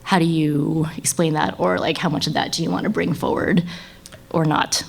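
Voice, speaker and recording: A woman's voice: low-pitched, flat delivery, normal speed, creaky. A woman in her thirties, a guest on a live podcast panel, talking casually with lots of fillers and frequent laughter.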